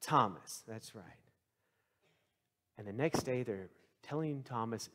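A male pastor preaching a sermon, telling the story with lively swings into the voices of the people in it. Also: medium pitch, measured pace, long pauses. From Texas.

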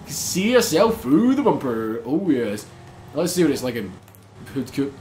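A man giving casual gameplay commentary, excitable, swearing often and laughing a lot as he plays. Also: mid-range voice, unhurried, a little hiss or hum. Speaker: gaming channel host.

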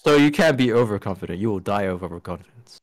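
Australian guy, teasing co-host, lively pitch, dry close sound. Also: fast talker, no room sound. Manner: animated, teasing. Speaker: podcast co-host. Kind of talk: casual chat.

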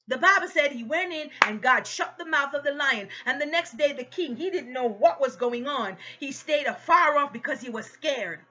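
A woman's voice: high-pitched, lively intonation, normal speed, hardly any pauses, bright, forceful tone, lo-fi sound. A woman preaching a passionate sermon, exhorting her listeners with rising emphatic peaks.

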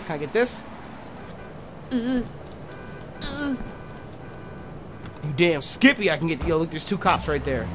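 A streamer talking over their gameplay in loose, profane commentary, swinging wildly in pitch from shrieks to low mumbles. They yell at the game when things go wrong, then drop into quiet muttering. Game music plays steadily behind the voice. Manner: profane, yells in frustration then mutters to self. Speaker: gaming streamer. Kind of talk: casual let's-play commentary.

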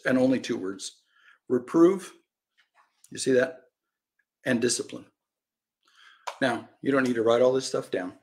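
A male preacher leads a Bible lesson in a lively, storytelling manner. His voice sits at an ordinary middle pitch. He acts out the voices of people in his stories and swings from loud cries down to quiet asides. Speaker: pastor teaching a Bible lesson. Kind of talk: sermon Bible teaching.

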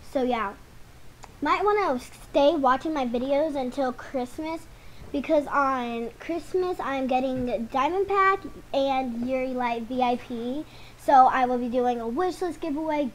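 Chatty high-voiced girl rambling. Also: a little hiss or hum, low-quality recording. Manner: rambling, chatty, talks to viewers. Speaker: gaming channel host. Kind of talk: casual commentary over gameplay.

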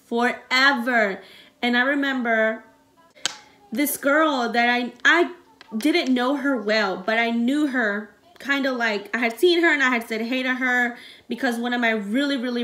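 A woman's voice: on the high side, a bit bright. Young woman telling an emotional story. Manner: rambling and emotional, many fillers. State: close to tears. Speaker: vlogger.

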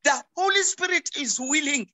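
A woman's voice: high voice, animated, normal speed, sharp tone. A middle-aged South African woman, a pastor speaking as a talk show guest over a video call, preaching emphatically and often repeating words as she restarts.

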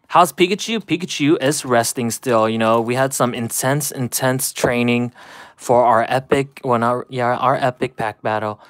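Man, live streamer, laughing, chatty, out of breath, talking to chat. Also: mid-range voice. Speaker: card-opening live streamer.

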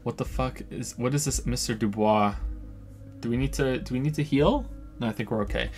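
A man's voice: medium pitch, fairly quick, a little mellow, soft background music. A man streaming a video game, giving casual, sarcastic commentary and reading the game's dialogue and narration aloud.

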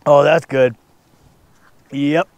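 A man's voice: fairly high pitch, fairly even intonation, very slow, no echo. A man chatting casually for a camping vlog outdoors in the snow, rambling and joking and talking to his dog, recorded on an action camera. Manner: rambling, talks to his dog, jokes to the viewers. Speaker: camping vlogger. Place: outdoors in snow at a camp spot.

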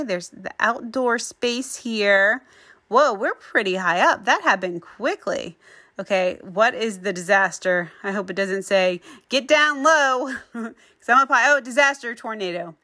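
A woman's voice: on the high side, bright, forceful tone. A middle-aged woman giving playful, chatty commentary on her own gameplay as the channel's host, exclaiming often.

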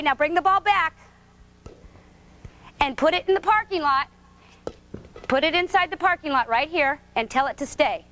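A woman's voice: high-pitched, fairly bright tone. A woman coaching a preschool gymnastics class, giving short, sing-song, encouraging directions to small children in a gym. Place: indoor gym.

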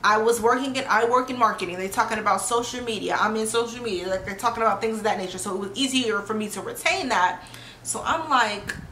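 A woman's voice: a little high, quick pace, bright, forceful tone, slight background noise. A young adult woman vlogging in a chatty, casual way, full of fillers and the odd swear word. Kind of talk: casual chat. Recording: roomy echo.

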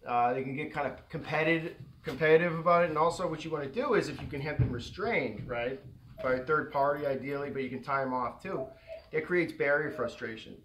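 A man's voice: fairly quick, slight background noise, rough recording. A man who trains dogs, casually explaining his method indoors at home. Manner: relaxed and chatty, breaking into high baby talk with the dogs. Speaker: dog trainer. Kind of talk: casual instructional talk during a training session.

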